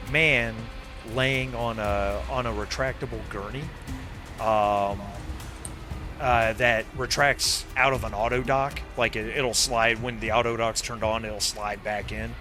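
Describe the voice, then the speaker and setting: A man narrating a tabletop game as game master, casual and halting. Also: fairly low pitch, steady tone, over music. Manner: casual, halting with many fillers.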